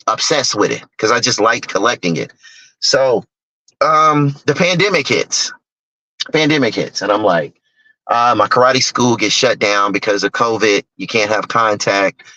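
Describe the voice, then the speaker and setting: A man speaking as a guest, telling a personal story in an animated way and acting out other people's lines. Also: lowish voice, dry recording, low-quality recording. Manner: animated storyteller who acts out other people's lines in sharply raised voices. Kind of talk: personal storytelling on a talk stage.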